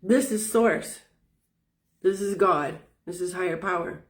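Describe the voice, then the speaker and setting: A woman's voice: fairly low pitch, measured pace, recorded from a distance. A woman teaching spiritual wellness in casual talk, folksy and emphatic, swearing freely. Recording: roomy sound from off-mic.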